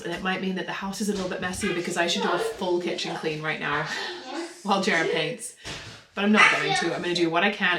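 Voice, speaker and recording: A woman in her thirties chatting casually to camera at home in a family vlog, reflective and talkative, with soft laughs. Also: on the low side, heavy background noise. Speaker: family vlogger.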